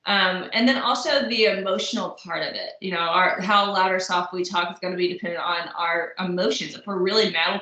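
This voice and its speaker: A woman's voice: fairly low pitch, fairly even intonation, fairly quick, hardly any pauses, pushed and bright, reverberant, low-quality recording. A woman giving a recorded college lecture in a conversational way, often checking in with her listeners. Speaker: college instructor.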